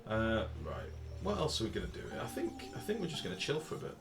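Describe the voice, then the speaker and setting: A man's voice: lowish voice, wildly swooping pitch, fast, music in the background. An English man chatting casually while live-streaming a game, swearing freely and reading out chat messages. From England.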